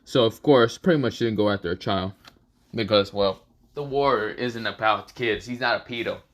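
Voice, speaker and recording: A man's voice: fairly low pitch, normal speed. A young man casually narrating a fan story, rambling and full of fillers.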